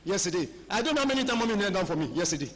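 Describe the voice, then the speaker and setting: Middle-aged Nigerian-accented pastor, higher voice, conversational sermon delivery, long hall reverb. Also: male voice, big pitch swings, racing, fairly bright tone. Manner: conversational preaching, mixing pidgin and Yoruba phrases. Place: large church hall.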